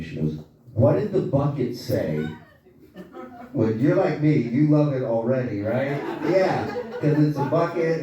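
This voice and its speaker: A man doing a stand-up comedy set on a club stage, telling profane, animated stories with asides to the crowd. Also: a little high, background noise. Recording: echoey club audio from far off. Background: small audience laughing.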